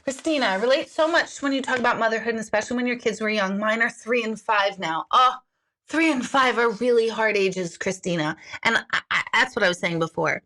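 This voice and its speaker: A woman's voice: a little high, brisk. A woman in her forties, an intuitive life coach, chatting candidly with viewers in a sarcastic, jokey way and swearing freely. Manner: animated, jumps between comments. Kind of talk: casual live chat answering viewer comments.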